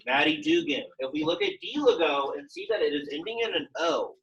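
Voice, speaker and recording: A man's voice: on the high side, expressive, a little fast, fairly bright tone, dull audio. A young man teaching a Latin class, speaking casually and quizzing his students with questions. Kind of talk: classroom lecture.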